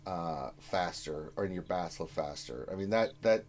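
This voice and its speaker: A man's voice: low-pitched, animated, moderate pace, a little hiss or hum. A man in his forties, co-hosting a casual gaming live stream and giving advice in a rambling way. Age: 40s. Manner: loud bursts of laughter, rambling.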